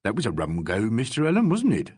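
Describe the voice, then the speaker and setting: A man reading an audiobook, voicing a steady, austere police sergeant with a plain-spoken manner. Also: medium pitch, fast, husky, no echo, clean studio sound. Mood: musing.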